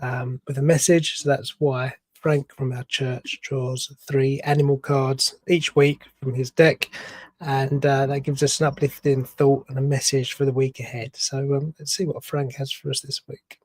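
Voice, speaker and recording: A man hosting an online church service, introducing the next part with gentle, even-toned presenting. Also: medium pitch, a little slow, dry recording.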